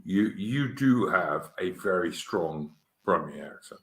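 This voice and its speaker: A man's voice: sits low, animated, takes it slowly, a bit bright, roomy sound, low-quality recording. A man hosting a casual chat, blunt and matey, swearing freely. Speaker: host.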